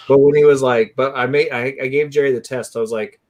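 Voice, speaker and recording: Excitable rambling barbecue show host man. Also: medium pitch, moderate pace. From California. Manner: excitable, rambling, says "dude" a lot. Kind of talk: casual live-stream chat.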